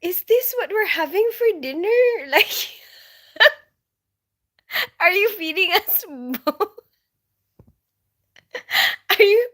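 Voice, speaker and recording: Disappointed teenage boy, squeaky and outraged at dinner, as his Filipino mother puts him on laughing. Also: animated, takes it slowly, pauses often, a bit bright, heavily acted. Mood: incredulous. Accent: Filipino English. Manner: incredulous, laughing through the lines.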